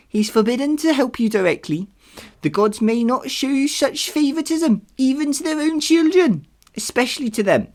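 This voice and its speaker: The podcast host voicing a calm female sea spirit who gives counsel, reading her lines aloud in a slow, lofty way. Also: mid-range voice, voice pushed up, lightly acted.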